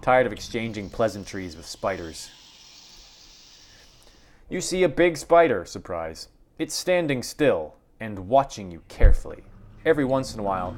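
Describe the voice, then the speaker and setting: A man's voice: fairly low pitch, measured pace. Man reading game text with wry asides. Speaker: game streamer. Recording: steady background noise.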